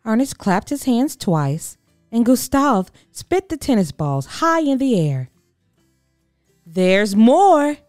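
A woman reading a children's picture book aloud in an expressive, animated storytelling voice. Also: a little high, a little slow, dry recording, clean studio sound, faint music behind.

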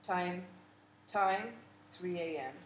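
A woman narrating a literary audiobook in a measured, vivid storytelling manner. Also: on the low side. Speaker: audiobook reader. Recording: echoey room with faint noise.

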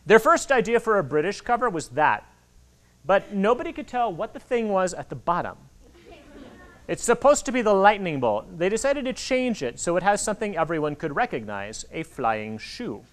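A man in his forties giving an animated talk to children at a library, acting out the voices in his stories. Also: sits high, moderate pace. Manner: animated storytelling, acts out quoted voices. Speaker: author speaking to kids. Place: public library hall. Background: audience of children.

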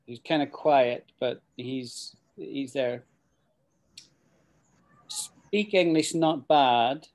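A man's voice: medium pitch, a little mellow. A middle-aged man with a Scottish accent, teaching English in a chatty, rambling way with frequent restarts. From Scotland. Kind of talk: casual spoken English lesson.

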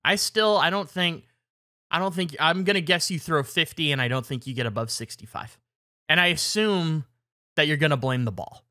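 A man's voice: fairly high pitch, normal speed, sharp tone, no echo, clean studio sound. A man co-hosting a podcast in casual chat, teasing his co-hosts and laughing often. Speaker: podcast co-host.

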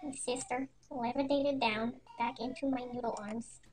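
A woman narrating a parody storytime in a quiet, deadpan, mock-serious way. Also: on the high side, moderate pace. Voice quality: quiet, soft-spoken. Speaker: storytime animator. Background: faint music.

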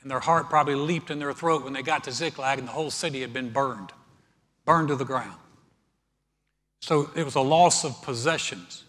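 A man's voice: medium pitch, normal speed. A male pastor preaching a sermon, earnest, building in force as he quotes scripture. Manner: earnest preaching, swelling louder when quoting scripture. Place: church sanctuary. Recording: church hall reverb.

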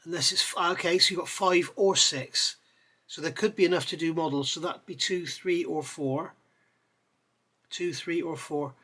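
A man reviewing scale model parts in a chatty way, pausing with fillers and correcting himself as he goes. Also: on the high side, sharp tone, breathy edge. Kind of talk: casual product review.

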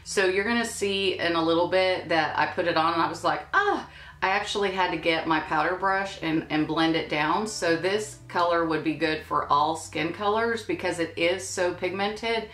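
A woman's voice: lowish voice, moderate pace, few pauses. Chatty woman vlogger with a drawl. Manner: chatty, playful asides. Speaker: beauty vlogger. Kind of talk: casual unboxing chat. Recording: echoey room with soft music.

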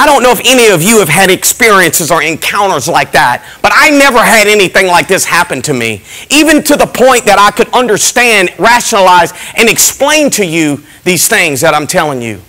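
A middle-aged man, a pastor giving an impassioned testimony in a church service, moving from hushed emphasis to shouting. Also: high voice, poor audio.

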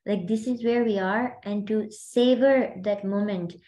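A woman's voice: medium pitch, steady tone, measured pace, mellow, low-quality recording. A woman hosting and coaching a group on a video call, talking in a chatty, rambling way full of fillers. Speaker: host and mindset coach.

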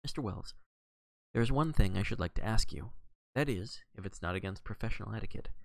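A fussy little Belgian detective bursts with suppressed excitement and tosses in exclamations, as a man reading the story puts him on. The voice sits fairly low, with a gravelly edge, in a dry, close setting. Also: a little fast, dry recording. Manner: dramatic, sprinkled with French exclamations. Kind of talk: audiobook reading.

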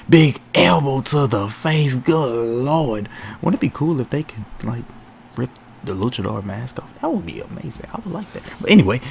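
A young man giving playful, excitable mock wrestling commentary while playing a video game, with lots of exclamations, slang and swearing. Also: a little high, gravelly, a little hiss or hum. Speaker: gamer doing mock commentary.

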